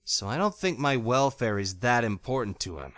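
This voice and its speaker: A male audiobook narrator voicing a fierce, blunt young woman with a hot temper who gives sharp, curt retorts. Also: mid-range voice, very animated, normal speed, no echo, studio quality. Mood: wry. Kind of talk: audiobook character voice.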